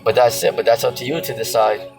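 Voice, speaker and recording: Man, casual sermon, rambling and profane, mid pitch, music playing underneath. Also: fast talker, low-quality recording. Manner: rambling, heavy on fillers, profane. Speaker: preacher. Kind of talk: casual sermon with scripture reading. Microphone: phone screen recording.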